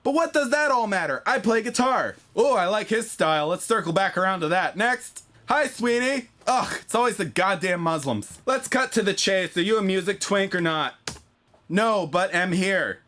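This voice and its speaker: A man's voice: animated, moderate pace, pushed and bright. A man voicing a brash, crude young woman who boasts while hunting for boyfriends online. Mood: giddy. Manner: crude, boastful, shrill and mocking. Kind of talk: comedy sketch character.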